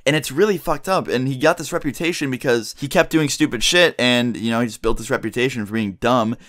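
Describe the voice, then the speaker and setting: A man's voice: mid-range voice, brisk, a bit bright. A young man telling a story to his viewers in a casual, rambling way, swearing often and saying "like" a lot. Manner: rambling and profane, heavy use of "like". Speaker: vlogger.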